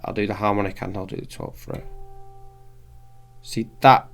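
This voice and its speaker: A man's voice: on the low side, little pitch movement, moderate pace, gravelly, long pauses. Chatty man teaching guitar setup. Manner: chatty, restarts sentences, explains step by step. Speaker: guitar tutor. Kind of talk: casual spoken tutorial. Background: guitar playing.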